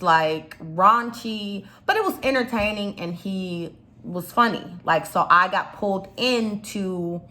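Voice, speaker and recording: A young woman with a slight Chicago accent chats through a casual commentary vlog. Her voice is bright and forward, sitting at an average pitch, and she rambles with plenty of fillers and side remarks. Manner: chatty, rambling, lots of fillers and asides. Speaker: YouTube commentator.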